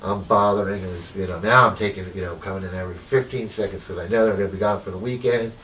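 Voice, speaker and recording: A man with a fairly low voice recalls his own life story in a loose, rambling way, dotting it with "you know" and acting out old conversations. He sits a little away from the microphone, and a faint hiss runs under his words. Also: steady tone, quick pace, fairly bright tone, recorded from a distance, low-quality recording. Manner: rambling, full of "you know" and retold dialogue. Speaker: formerly homeless interviewee. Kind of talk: personal storytelling in an interview.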